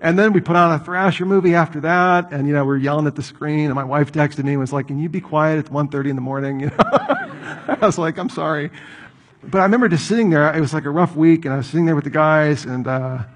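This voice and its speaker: Middle-aged male pastor, slightly higher voice, conversational sermon delivery with stories and rhetorical questions. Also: steady tone, quick pace, hardly any pauses.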